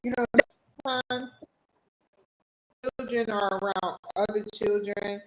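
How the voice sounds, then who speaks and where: A woman hosts an interview in a relaxed, conversational way, leaning on fillers like "you know". Her voice sits in the middle range. The room around her echoes. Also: medium pitch, unhurried, heavy background noise. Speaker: talk show host. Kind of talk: casual interview chat.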